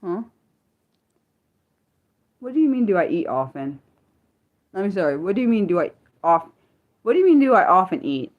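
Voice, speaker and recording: A young woman from the United States hosting a casual livestream, chatting with viewers in an excitable, disbelieving way with many stumbling restarts. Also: medium pitch, moderate pace, long pauses, muffled recording. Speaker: livestream host. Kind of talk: casual livestream chat reading viewer comments.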